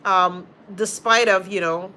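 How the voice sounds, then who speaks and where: Boston lady chatting on her livestream, bright voice, faint room hum behind, answering viewers' comments. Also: medium pitch, fairly even intonation, unhurried. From Boston, Massachusetts. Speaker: livestream host and healthcare teacher. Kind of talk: casual livestream chat with viewers.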